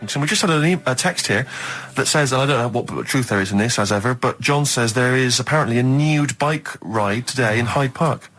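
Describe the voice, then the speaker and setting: A man's voice: medium pitch, a little fast, few pauses, fairly bright tone. A man co-hosting a radio show, reading texts and adding wry, dry asides. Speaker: radio co-host. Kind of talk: casual radio banter. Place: radio studio.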